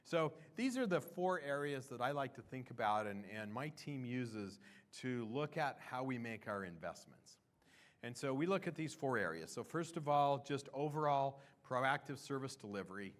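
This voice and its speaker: A man of ordinary pitch talks through a product roadmap at a conference session. He keeps it loose and chatty, trailing off and restarting sentences. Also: expressive, moderate pace. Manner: conversational, with fillers and restarts. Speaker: product presenter. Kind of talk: conference talk.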